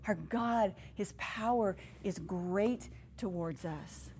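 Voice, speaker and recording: A middle-aged woman is preaching to other women in a relaxed, conversational way. She jumps from scripture to family stories with an easy laugh. A faint hiss of noise sits under her voice. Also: medium pitch, slow. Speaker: women's ministry speaker. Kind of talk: sermon.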